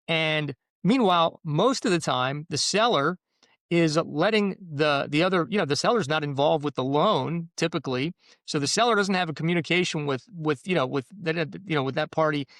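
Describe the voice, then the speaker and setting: A man's voice: on the high side, moderate pace, fairly bright tone, no room sound, studio quality. A man in the mortgage business explaining home deals in casual podcast chat, rambling with restarts. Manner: rambling, restarts, acts out buyer and seller quotes. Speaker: mortgage professional.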